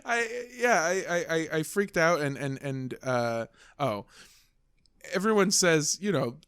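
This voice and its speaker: A man's voice: a little high, animated, a little slow, fairly bright tone, clean tone, no room sound. Rambling earnest man, dry close sound. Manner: earnest, rambling, swears freely. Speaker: podcast guest. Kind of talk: casual podcast chat.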